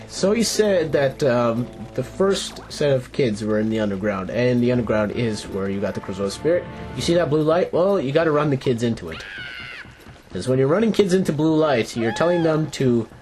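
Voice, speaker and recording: A young man narrates his gameplay in a playful, jokey way, often restarting his sentences and teasing the game's characters. His pitch moves around a lot and stays at an average height. Faint game music plays behind him. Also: a little mellow. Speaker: let's play host. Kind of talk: gameplay commentary.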